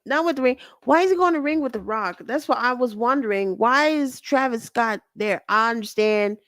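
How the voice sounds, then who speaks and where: A woman's voice: fairly high pitch, normal speed, dry recording, studio quality. A woman hosting her own show, chatting through a wrestling recap in a rambling way, often correcting herself. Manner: rambling, self-correcting, animated. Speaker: show host.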